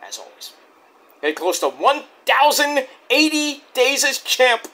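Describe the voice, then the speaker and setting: A man giving a casual, excitable wrestling review and acting out the quotes in silly voices. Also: extremely high pitch, moderate pace.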